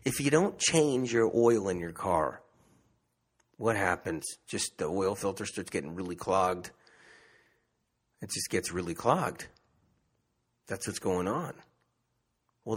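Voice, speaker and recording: A man's voice: fairly low pitch, husky. A man who works as a medium, talking in a casual, rambling monologue, repeating himself and asking rhetorical questions. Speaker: self-described medium.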